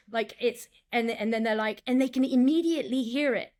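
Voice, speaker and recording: A woman director and acting coach in a casual interview, talking in an animated way, acting out lines and quotes, with many restarts. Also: fairly high pitch, fairly quick.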